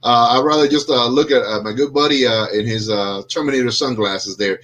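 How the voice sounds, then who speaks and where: A man's voice: mid-range voice, fairly quick, fairly bright tone. Man, podcast host, video call, jokey, rambling, self-deprecating, slightly unwell. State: under the weather. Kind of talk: casual video chat.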